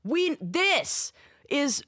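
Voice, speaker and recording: A woman co-hosting a podcast in casual chat, telling stories quickly and with animation. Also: sits high, no room sound, clean studio sound. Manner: fast-talking, animated storytelling. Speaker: podcast co-host.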